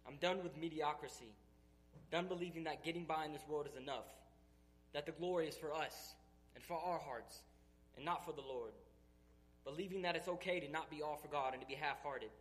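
A man's voice: a little high, brisk, a bit bright, a little hiss or hum. A man giving an emotional church testimony, earnest and emphatic, sounding tearful. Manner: earnest, emphatic, building intensity.

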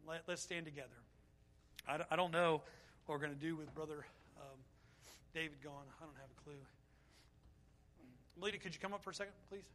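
A middle-aged man preaching a sermon as pastor, fervent in his telling and softer as he closes in prayer. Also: a little high, fairly even intonation, fairly quick, pauses often.

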